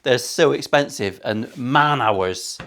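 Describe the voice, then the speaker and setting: A man's voice: medium pitch, takes it slowly, fairly bright tone. A man building a guitar in his workshop, talking casually to camera with cheeky banter, plenty of swearing and jokey asides. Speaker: luthier.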